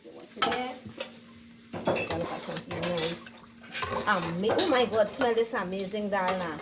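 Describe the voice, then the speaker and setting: A woman's voice: mid-range voice, moderate pace. A woman demonstrates her home cooking in a casual, chatty way, tagging "right?" onto her sentences and calling herself by name. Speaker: home cook vlogger. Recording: distant mic, loud frying noise. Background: sizzling frying food.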